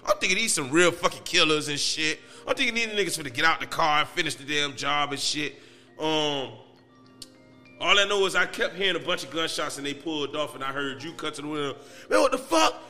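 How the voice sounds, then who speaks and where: A man's voice: fairly high pitch, fairly quick, bright, forceful tone, in a large hall, soft background music. A man telling a story as a podcast guest in loose, profane street talk. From Miami, Florida. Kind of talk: casual storytelling.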